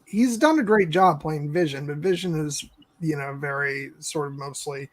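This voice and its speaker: A man's voice: a little high, normal speed, crowd noise. A man in a casual fan discussion who talks in a hesitant, thoughtful way. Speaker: podcast panelist.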